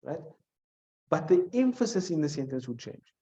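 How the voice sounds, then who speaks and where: Male teacher with a fairly high, mellow voice that quizzes a class step by step, recorded in an echoey room. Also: sing-song. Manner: explains step by step, quizzing students with questions; recites short Arabic phrases quickly. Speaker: Arabic grammar teacher. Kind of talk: classroom lesson. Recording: echoey room, dull lo-fi sound.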